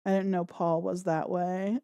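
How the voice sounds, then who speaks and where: A woman's voice: lowish voice, flat delivery, unhurried, mellow, clear, resonant tone, no room sound. Crude joking woman livestream host. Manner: crude, joking, laughs often. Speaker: podcast host. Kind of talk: casual livestream commentary.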